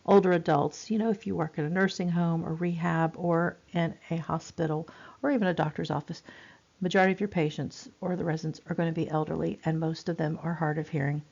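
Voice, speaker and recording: A woman's voice: low voice, fairly even intonation, fairly quick, vocal fry, a little mellow. A woman, giving a chatty recorded nursing lecture with many fillers and repeats. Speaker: nursing instructor. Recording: dull lo-fi recording.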